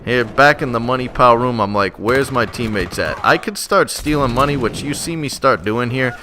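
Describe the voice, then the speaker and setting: A man giving gameplay commentary as a voice-over, excitable and swearing freely as he rants about the match. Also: mid-range voice, moderate pace. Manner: excitable, profane, frustrated ranting. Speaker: gaming channel host. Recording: noisy background.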